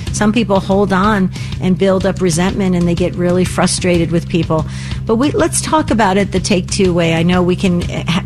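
Encouraging woman radio host. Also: mid-range voice. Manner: warm, encouraging, quick-talking. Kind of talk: talk radio hosting.

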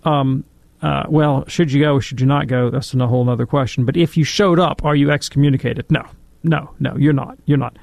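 A man's voice: medium pitch, steady tone, fairly quick, vocal fry, a little mellow, no room sound. A man answering listener questions on a Catholic radio call-in show, chatty and digressive, laughing at his own tangents. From Alabama, US. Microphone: studio microphone.

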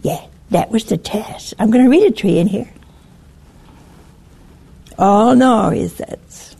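Slow, emphatic woman preaching a sermon. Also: fairly high pitch, creaky, dark tone, slightly rough.

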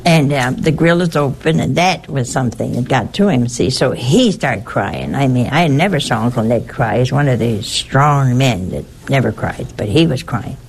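An older woman, a nun, telling a personal story in a halting way, repeating words and adding chatty asides. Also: a bass voice, lively intonation, vocal fry, slight background noise.

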